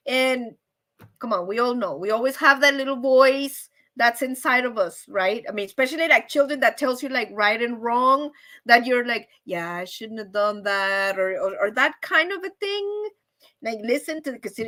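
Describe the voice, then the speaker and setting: Woman livestream host, high bright voice, chatty, animated asides. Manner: chatty, repeats "right?" often; animated, acts out quoted voices. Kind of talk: casual livestream chat.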